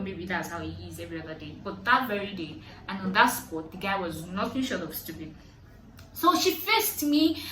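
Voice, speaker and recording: A young adult Nigerian woman with a Nigerian accent, vlogging, telling a story with lively, high-pitched outbursts when she quotes people. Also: recorded from a distance, a little hiss or hum. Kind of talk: animated storytelling. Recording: echoey room, voice set back from mic.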